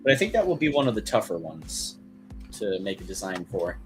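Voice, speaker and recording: A man's voice: deep voice, sing-song, brisk, over music. A man streaming as he draws, chatting casually in a loose, rambling way that is full of "like" and "kinda". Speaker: artist streaming while drawing.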